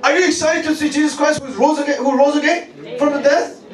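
A man in his thirties preaching a lively sermon, animated and laughing, repeating phrases and calling out to the congregation. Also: extremely high pitch, brisk. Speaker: pastor. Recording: echoey room, mic at a distance, faint noise.

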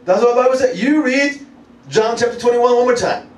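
A man in his thirties preaching a lively sermon, animated and laughing, repeating phrases and calling out to the congregation. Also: very high voice, a little fast. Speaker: pastor. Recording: echoey room, mic at a distance, faint noise.

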